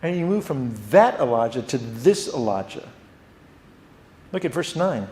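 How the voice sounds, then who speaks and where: A man teaching a theology class at a church. He talks in an animated way and often repeats words. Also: mid-range voice, a little slow, reverberant. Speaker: Bible teacher.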